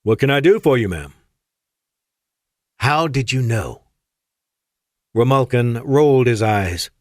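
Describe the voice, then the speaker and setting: A man narrating an audiobook in an expressive storytelling manner. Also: fairly low pitch, dry recording, studio quality. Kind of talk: scripted narration.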